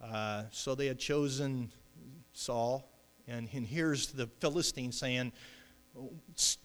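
A man's voice: mid-range voice, fairly even intonation, slow, clean tone, in a large hall. A man preaching a sermon as pastor, talking in a loose conversational way with many fillers and restarts.

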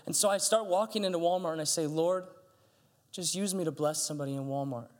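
Animated pastor preaching in a big hall. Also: male voice, quick pace. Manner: animated, acts out dialogue with big pitch jumps. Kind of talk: sermon storytelling. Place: church stage. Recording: long hall reverb.

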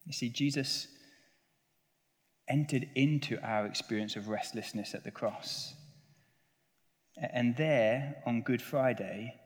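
A man's voice: mid-range voice, slow, pauses often. A man preaching a sermon as pastor, reading scripture earnestly and praying with his listeners. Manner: earnest preaching, swelling on scripture and dropping soft at the close. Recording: long church reverb.

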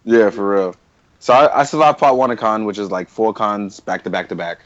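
A man's voice: fairly low pitch, lively intonation, fairly quick, dry recording, highs cut off. Slangy young New man on a podcast. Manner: loose, slangy, laughs often. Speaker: podcast co-host. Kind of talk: casual chat.

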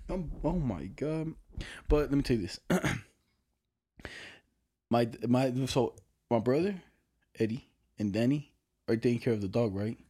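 A man's voice: medium pitch, unhurried, long pauses, dark tone, slightly rough. A man in his twenties chatting casually from his bedroom at home, telling rambling stories full of profanity and slang. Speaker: podcast co-host. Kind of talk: casual chat.

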